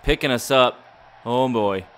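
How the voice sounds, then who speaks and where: Gaming YouTuber, male, mock ring-announcer play-by-play, bright and punchy, excitable. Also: mid-range voice, unhurried. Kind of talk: play-by-play game commentary.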